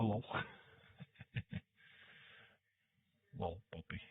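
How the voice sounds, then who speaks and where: A man with a lowish, slightly rough voice hosts a live stream reacting to wrestling, unhurried as he chats loosely with viewers. He reads their comments, swearing and laughing along the way. The sound is dry and tinny, like a phone.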